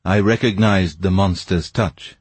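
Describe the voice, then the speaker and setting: A man voicing a grave, secretive Persian who speaks slowly and in a measured way. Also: sits low, fairly even intonation, slightly rough, dry recording.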